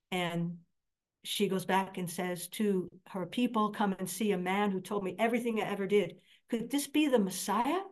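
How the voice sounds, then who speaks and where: A middle-aged woman preaching a sermon, telling stories earnestly and raising her voice when quoting others. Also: medium pitch.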